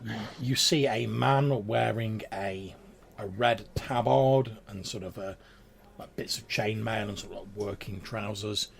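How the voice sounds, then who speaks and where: A man narrating as game master in a relaxed, filler-heavy way. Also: on the low side, unhurried, vocal fry. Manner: relaxed, hesitant descriptive narration with many fillers.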